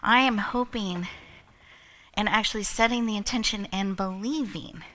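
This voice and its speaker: A woman's voice: medium pitch, moderate pace. A woman emceeing a live event, telling a playful story and leading the audience with lots of laughter. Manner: animated, laughs often, leads the crowd.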